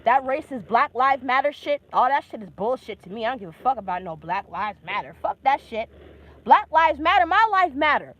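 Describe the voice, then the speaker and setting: A woman's voice: a little high, a little fast, few pauses, fairly bright tone, lo-fi sound. A woman in her twenties ranting on a live stream, agitated and heavily profane, talking in bursts into her phone camera out in public. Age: 20s. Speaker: vlogger. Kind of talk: angry live-stream rant.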